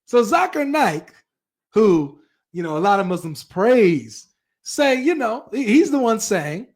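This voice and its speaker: A man with a fairly high voice hosts a live reaction stream, talking straight to his viewers. He reacts in an animated, chatty way, full of asides and questions to chat. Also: measured pace.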